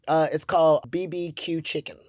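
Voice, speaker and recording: A man's voice: fairly high pitch, level tone, normal speed, no echo. Enthusiastic man in a dry, close recording. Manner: enthusiastic, warmly emphatic. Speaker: podcast guest, martial arts instructor. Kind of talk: casual conversation.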